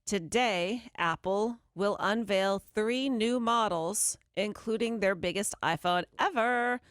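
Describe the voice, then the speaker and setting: A woman co-hosting a morning radio show, reading news items in a brisk, chatty way from a studio microphone. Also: mid-range voice, fairly bright tone, dry recording. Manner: brisk newsy delivery, quick laughs. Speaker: radio co-host.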